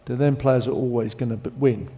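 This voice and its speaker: A man's voice: mid-range voice, steady tone, fairly quick, mellow. A man talking football in a casual, earnest way, thinking aloud with frequent restarts. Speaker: pundit.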